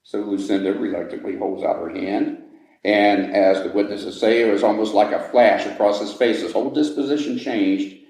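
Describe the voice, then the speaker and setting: A man with a low, mellow voice tells a ghost story slowly and dramatically for visitors to an old jail. His words ring in a hard, echoey stone room. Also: steady tone. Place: old jail building, indoors.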